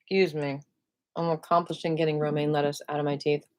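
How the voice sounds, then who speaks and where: A low-voiced woman leads a live-streamed qigong class in an upbeat, playful way, sometimes breaking into excited squeals. She eases into soft, guided breathing cues.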